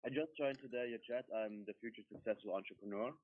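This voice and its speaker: A man from Switzerland calling in, speaking halting English with many pauses and ums. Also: fairly low pitch, no room sound. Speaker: caller. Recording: phone line.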